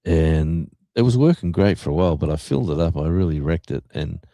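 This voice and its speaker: Fairly quick and dark-toned, an Australian man with a bass voice hosts a livestream on a dry recording. He reads the chat aloud, rambling casually with plenty of fillers and restarts.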